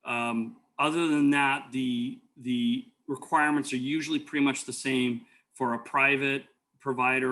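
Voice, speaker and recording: A man's voice: mid-range voice, a bit bright. A man teaching an EMT class, telling rambling stories full of fillers and restarts. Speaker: EMT instructor. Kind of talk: lecture with personal stories.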